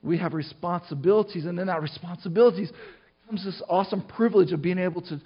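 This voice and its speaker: A middle-aged man preaches to his church in a loose, conversational way. He often restarts his sentences and goes off on asides. His voice sits high for a man, and the recording sounds muffled and lo-fi. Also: fast, slightly rough. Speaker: pastor. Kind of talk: sermon.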